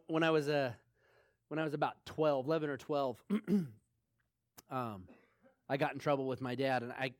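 A man's voice: a little high, no echo, clean studio sound. A man preaching a sermon in a conversational way, telling a personal story, repeating phrases for emphasis and laughing often. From small town. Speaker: pastor.

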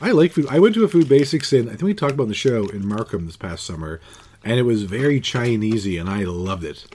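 A man's voice: lowish voice, animated, fast talker, darkish tone, slight background noise. A middle-aged man hosting a podcast, chatting casually in a jokey, rambling way. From Canada. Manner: jokey, rambling, laughs easily. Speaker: podcast host. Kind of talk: casual chat.

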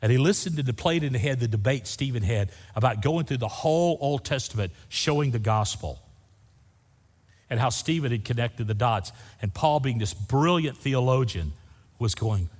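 A man's voice: medium pitch, lively intonation, moderate pace, a little mellow. A man preaching a sermon as pastor, folksy and humorous, saying "y'all" to his congregation. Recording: long hall reverb.

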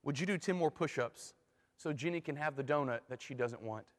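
A man voicing a stern male professor who asks calm, deliberate questions. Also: fairly high pitch, pitched below the performer's own voice, natural voice. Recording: long hall reverb.

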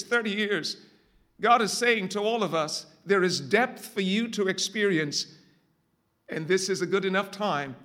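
A man preaching a sermon in church, swinging from hushed, drawn-out emphasis to loud calls to the congregation. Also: high voice. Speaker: pastor.

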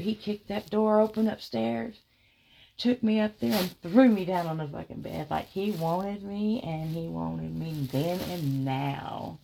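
A woman telling a first-person erotic story, drawing out her words with soft murmurs and frequent giggles. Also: fairly low pitch, vocal fry, a little hiss or hum.

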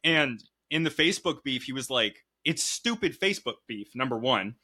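Male podcast host, bright voice, loose storyteller. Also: medium pitch, moderate pace. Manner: storytelling, swearing, animated. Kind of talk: casual chat. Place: Connecticut home.

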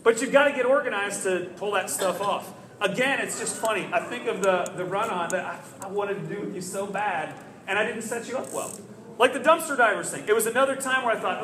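A high-pitched man talks with animated, self-critical energy, slipping into quick acted-out dialogue. His bright voice rings in an echoey room with slight background noise. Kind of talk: casual talk, recounting mistakes.

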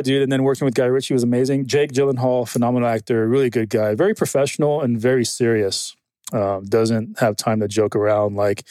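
A man from Afghanistan in his thirties tells stories in easy, loose podcast talk. He's animated, swears freely and slips into the voices of the people he quotes. The recording is dry and close. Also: medium pitch, no room sound. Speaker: guest, former Green Beret. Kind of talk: casual conversational storytelling.

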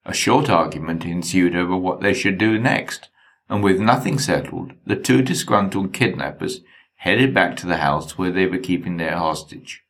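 Wry, deep-voiced storyteller man. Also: normal speed, a bit bright. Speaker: narrator. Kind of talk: memoir reading.

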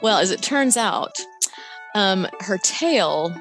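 A middle-aged woman telling a personal story in a lively way, laughing now and then. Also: mid-range voice, takes it slowly, soft background music. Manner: animated, laughs while telling, voice jumps up on quotes. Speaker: guest telling her story. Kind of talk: conversational storytelling.

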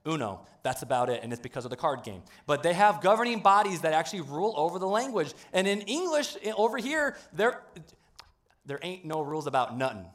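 A man preaching a humorous sermon in a church, joking with the congregation in a playful, animated way. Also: a little high, a little fast. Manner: playful, jokey, animated delivery. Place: church sanctuary.

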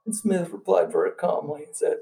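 A man, a guest author, telling anecdotes in an interview and acting out the quotes as an animated storyteller. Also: a little high, a little fast, vocal fry, far from the mic.

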